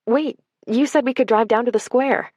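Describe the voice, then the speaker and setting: A woman's voice: on the high side, normal speed, darkish tone, dry recording, dull audio, pitched above the performer's own voice, lightly acted. A woman reading the part of a bold, playful young woman with a rebellious streak. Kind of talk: audiobook character dialogue.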